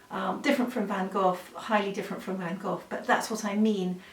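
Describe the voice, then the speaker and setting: Woman art teacher demonstrating at the easel, chatty and apologetic, mic at a distance in an echoey room. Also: mid-range voice. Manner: chatty, full of fillers, apologetic asides. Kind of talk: drawing lesson demonstration. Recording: roomy, from a distance, faint noise.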